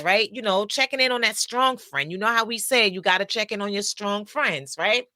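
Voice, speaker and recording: A woman's voice: mid-range voice, normal speed, hardly any pauses, pushed and bright. A middle-aged woman, a counselor and host, telling a personal story in a chatty, casual way with lots of asides.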